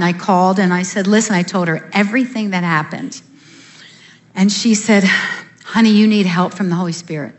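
A woman's voice: medium pitch, normal speed. A middle-aged woman giving an earnest personal testimony to a church audience, acting out her prayers and the dialogue as she tells the story. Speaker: guest speaker giving testimony.

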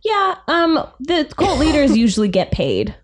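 A woman's voice: high-pitched, wildly swooping pitch, unhurried, a crowd in the background. A woman co-hosting a podcast in casual chat, talking in a loose, giggly way with lots of fillers and restarts. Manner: chatty, laughs often, many fillers and restarts. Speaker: podcast co-host.

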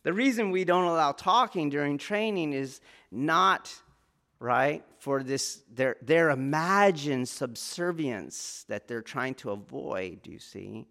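A man teaching martial arts students in an informal, rambling lecture, often laughing and checking whether they follow, growing loud when he presses a point. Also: a little high, expressive, takes it slowly, gravelly. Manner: rambling, laughs often, asks "do you see?".

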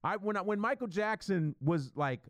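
A middle-aged man hosting a solo podcast, rambling profanely in an animated, stream-of-consciousness monologue. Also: high-pitched, normal speed, no echo. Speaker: podcast host.

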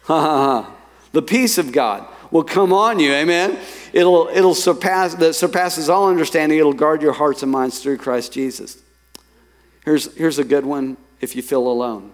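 Pastor preaching in a reverberant hall. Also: male voice, a little high, moderate pace. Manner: lively, quoting scripture and telling stories to the congregation. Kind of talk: sermon. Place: church sanctuary.

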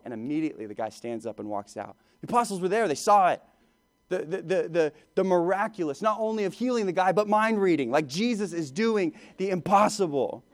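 A man preaching a sermon as a pastor, talking in a conversational, animated way and sometimes repeating words as he goes. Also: sits high, a little fast.

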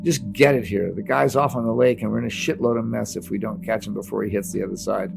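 A man's voice: lowish voice, fairly even intonation, quick pace, vocal fry, over music. A man voicing a furious woman commander. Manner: shouting, impatient, profane. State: out of breath. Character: fierce female field commander barking orders.

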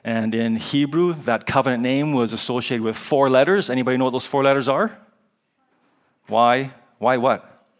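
A man's voice: mid-range voice, moderate pace. Conversational male chapel preacher. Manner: conversational, with ums, chuckles and spelled-out Hebrew letters. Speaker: guest chapel speaker. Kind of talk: chapel sermon with prayer and Bible teaching. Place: college chapel.

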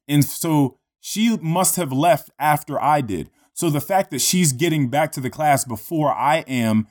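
A man casually telling a long story in a relaxed, profane way, full of fillers like "you know" and "like". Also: on the high side, a little slow.

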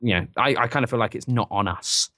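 A man's voice: medium pitch, fast, bright, forceful tone, dry recording. An English man co-hosting a podcast, chatting casually with dry, ironic humor. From England. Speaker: podcast co-host.

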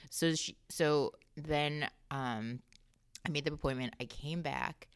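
A woman guest on a casual podcast tells a candid story, swearing freely, laughing often, and acting out quoted dialogue with animation. Her low voice is clear and resonant and unhurried, recorded in studio quality with no room sound.

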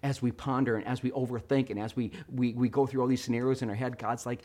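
Man, middle-aged, pastor preaching, animated storyteller, hushed to loud. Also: medium pitch, fast talker, hardly any pauses. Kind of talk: sermon.

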